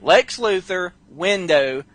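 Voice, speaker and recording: A man's voice: high voice, lively intonation, slow, a bit bright. A man co-hosting a podcast, chatting casually and eagerly. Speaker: podcast co-host. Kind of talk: casual chat.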